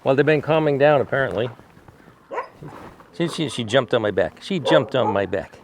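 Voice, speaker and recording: A man's voice: mid-range voice, animated, moderate pace, noisy background. A man who rescues animals, talking casually to the camera and coaxing his dogs outdoors with repeated calls. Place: outdoor dog yard.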